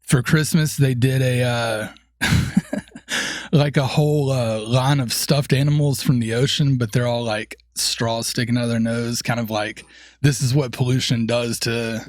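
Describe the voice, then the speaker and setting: A man with a deep, raspy voice, chatting eagerly as a podcast guest. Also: fairly even intonation, unhurried, no room sound, studio quality. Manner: enthusiastic, laughs easily. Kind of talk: casual podcast chat.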